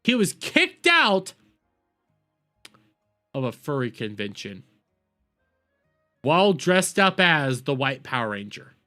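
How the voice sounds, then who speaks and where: A man's voice: medium pitch, huge pitch swings, slow, pauses often, pushed and bright, faint music behind. A young man casually reacting to clips on a stream, crude and swearing, repeating his words as he goes.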